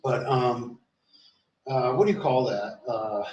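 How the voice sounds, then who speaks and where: A man's voice: mid-range voice, slow, a little mellow, distant mic, lo-fi sound. A man streaming alone, telling a long rambling story, swearing often and restarting his sentences. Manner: rambling, profane, many fillers and restarts. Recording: roomy sound, off the mic.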